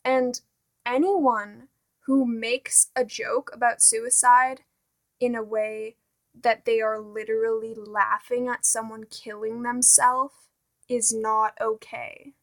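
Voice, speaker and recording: A woman's voice: on the high side, flat delivery, takes it slowly. Exasperated teen girl ranting. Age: teens. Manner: exasperated, full of "like" and "honestly". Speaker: vlogger. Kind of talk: casual rant to camera.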